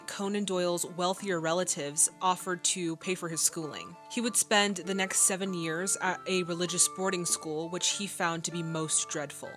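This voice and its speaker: A young woman hosting a casual film reaction, chatty and excitable, laughing easily. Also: lowish voice. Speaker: movie reaction host.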